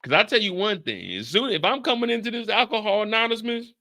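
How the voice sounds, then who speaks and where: Animated man riffing on a TV episode. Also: high voice, quick pace, hardly any pauses. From San Francisco Bay Area. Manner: animated, swearing, acting out scenes. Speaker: show host. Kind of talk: casual TV recap talk.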